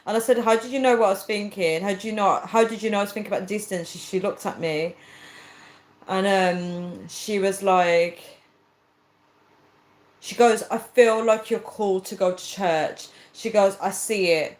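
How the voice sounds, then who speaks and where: A woman tells a story on her livestream in a casual, chatty way. She acts out each line of the conversation, and her voice sits at an ordinary middle pitch. The sound has a roomy echo around it. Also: fairly even intonation, normal speed. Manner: chatty storyteller acting out quoted dialogue, earnest. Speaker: livestreamer reading viewer comments.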